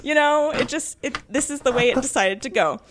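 A woman co-hosting a casual podcast, telling an animated story with laughs and acted-out quotes. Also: high-pitched, fairly quick, noisy background. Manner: lively, laughing, acts out quotes. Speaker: podcast co-host.

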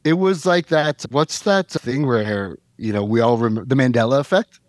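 A man guest on a podcast who tells stories in an animated, digressive way with plenty of filler. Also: medium pitch, moderate pace, no echo, studio quality. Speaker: guest, rum company manager. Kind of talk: casual podcast chat.

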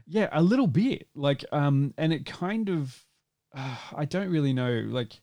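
A man's voice: a little high, lively intonation, a little slow, dark tone. A man co-hosting a casual movie podcast, rambling, with many restarts and fillers and some swearing. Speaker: podcast co-host.

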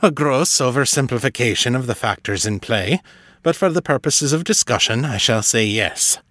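A man doing a gruff old wizard master. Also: medium pitch, animated, normal speed, fairly bright tone, no room sound. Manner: gruff, clipped.

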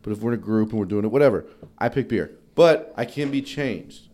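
A man's voice: on the low side, expressive, fairly quick, dark tone. A young man co-hosting a comedy podcast who swears freely and jokes in a mock-wounded way. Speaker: podcast co-host. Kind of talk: casual comedic banter.

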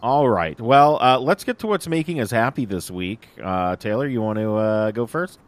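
A young man hosting a podcast in casual chat, relaxed and hesitant with fillers. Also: medium pitch, moderate pace. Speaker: podcast host.

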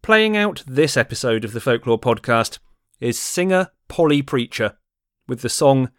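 A man closes out a podcast with a brisk, plain read in a mid-range voice. The sound is dry and close, with no room around it. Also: mid-range voice, lively intonation, no room sound. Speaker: podcast host. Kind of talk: scripted podcast outro.

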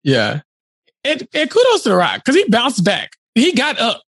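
Animated high-voiced Texan man. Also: normal speed, no room sound. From Texas. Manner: animated storyteller, acts out quotes. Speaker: podcast co-host. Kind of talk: casual chat.

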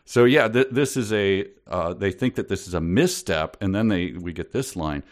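A man's voice: low voice, animated, normal speed, hardly any pauses. A man co-hosting a podcast, chatting casually with dry humor and frequent laughter. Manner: dry, amused, laughs often. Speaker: podcast co-host. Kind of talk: casual comedic chat.

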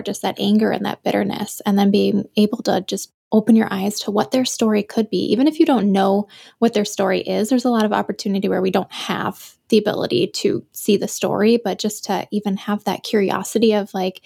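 A woman's voice: medium pitch, vocal fry, mellow, slightly rough. A woman hosting a podcast, reflecting in a heartfelt way and moved close to tears. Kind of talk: casual podcast chat.

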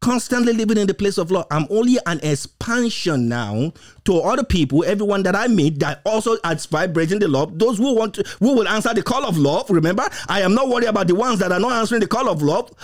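A man's voice: high voice, expressive, fast talker. A man preaching a sermon, stretching out key words and firing off rhetorical questions. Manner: emphatic, repetitive rhetorical questions, occasional laughs.

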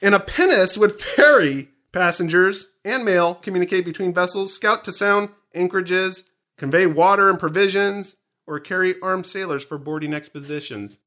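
Bright-voiced male co-host, playful movie-trivia banter. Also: high voice, moderate pace. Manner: joking, animated, teasing. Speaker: podcast co-host. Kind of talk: casual movie commentary chat.

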